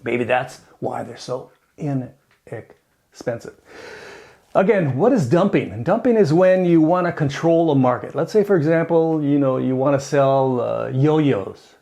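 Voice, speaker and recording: In an unhurried, gravelly mid-range voice, this man hosts his channel with a rambling opinion talk. He stays animated, cracking jokes and wandering into asides.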